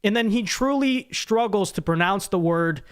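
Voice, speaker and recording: A man's voice: high-pitched, expressive, moderate pace, smooth. A young man hosting a casual live reaction show, rambling and emphatic as he talks straight to his viewers. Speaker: political commentary host.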